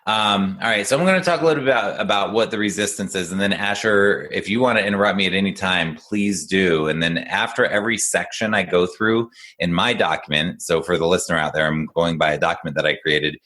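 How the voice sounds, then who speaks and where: Deep-voiced man coaching in a podcast chat. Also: a little fast, hardly any pauses. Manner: encouraging, explanatory, animated storyteller. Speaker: executive function coach. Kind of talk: casual podcast conversation.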